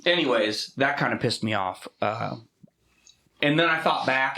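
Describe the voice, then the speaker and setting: A man co-hosting a casual podcast, telling profane, animated stories about driving and his daughter. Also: mid-range voice, normal speed, echoey room. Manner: profane, animated storytelling with laughs. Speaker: podcast co-host. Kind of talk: casual chat.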